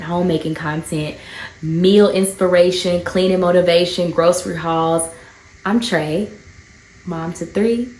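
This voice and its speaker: A woman's voice: fairly low pitch, a little mellow. A woman in her thirties, a mom of three, talking earnestly and encouragingly in a casual faith and motherhood vlog. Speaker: mom vlogger. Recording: roomy echo.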